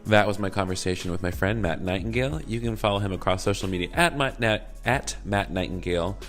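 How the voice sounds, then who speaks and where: A man's voice: on the low side, fast talker, a bit bright, soft background music. A man with a Southern US accent hosting a podcast, chatting casually with playful, campy asides. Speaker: podcast host. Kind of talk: casual podcast chat and outro.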